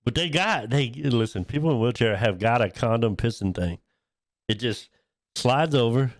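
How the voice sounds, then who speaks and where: A man's voice: medium pitch, normal speed, no echo, clean studio sound. A man co-hosting a podcast, telling crude stories in casual chat and pushing his point by repeating himself. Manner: profane, animated storyteller, keeps saying listen. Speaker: podcast co-host.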